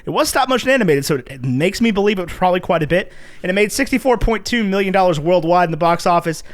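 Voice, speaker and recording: Give me a playful male podcast host with a high, animated voice. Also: quick pace. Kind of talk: casual movie podcast chat.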